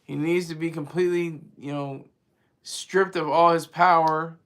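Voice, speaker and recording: A man hosts a casual political commentary vlog. He talks in an animated, rambling way and often restarts his sentences. His voice sits a little high and has a bright, forceful edge. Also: unhurried, clean tone. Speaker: vlog host.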